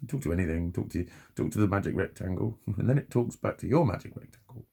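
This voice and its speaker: Gravelly, sweary man in his forties. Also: on the low side, lively intonation, moderate pace, mellow. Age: 40s. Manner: sweary, chatty, self-mocking, laughs often. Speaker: vlogger. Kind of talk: rambling personal monologue.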